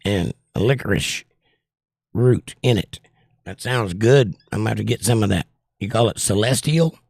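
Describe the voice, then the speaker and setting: A man with a gravelly, creaky voice hosts a relaxed livestream chat, reading out comments and joking along. He sounds strained and winded as he talks. The sound is close and dry, with no room around it. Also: mid-range voice, dry recording. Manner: reads viewer comments aloud and jokes back. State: short of breath, voice strained. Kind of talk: casual chat.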